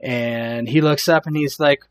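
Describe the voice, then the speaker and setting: Slow-talking man running a tabletop game. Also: medium pitch, fairly even intonation. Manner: loose, laughing, rambling. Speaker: game master.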